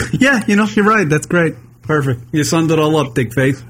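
A man on a radio talk show who rants in crude, profane bursts, his fairly high voice swinging all over as he mocks. A faint hiss sits under the recording. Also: animated, a little slow. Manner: profane, loud, mocking. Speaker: co-host. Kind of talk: crude comedic radio banter.

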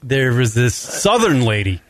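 Very animated yet measured in pace, a man hosting a podcast spins a long, meandering tale, cursing liberally and breaking into laughter partway through. His mid-range voice is a bit bright, and the recording has no echo.

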